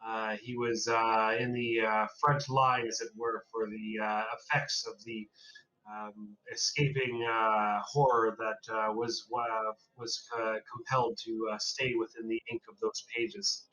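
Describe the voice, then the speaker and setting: A man running a tabletop horror game as game master, narrating in a halting, hesitant way with many pauses. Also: on the low side, flat delivery, pushed and bright. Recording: distant, dull lo-fi mic.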